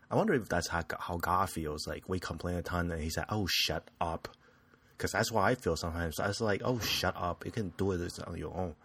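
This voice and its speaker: A man's voice: low-pitched, dry recording. A young man hosting a casual solo podcast from a small apartment room, rambling and self-deprecating with lots of restarts. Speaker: podcast host.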